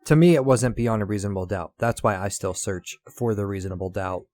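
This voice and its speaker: A man with a lowish voice and a slight Southern twang chats loosely on a podcast, full of ums and uhs. The sound is dry and close, with no room around it. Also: a little fast, a little mellow, dry recording. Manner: loose, rambling, with many fillers. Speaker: podcast co-host. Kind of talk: casual podcast chat.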